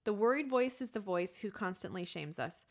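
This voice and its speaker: Candid, animated woman podcast host. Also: mid-range voice, normal speed. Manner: open, animated, confessional storytelling with acted inner voices. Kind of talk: candid conversational podcast talk.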